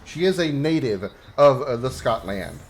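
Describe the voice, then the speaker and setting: A man hosting a gaming livestream, chatting casually with teasing, self-deprecating humor and halting restarts. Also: medium pitch, lively intonation, a little hiss or hum. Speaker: streamer host. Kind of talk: casual chat.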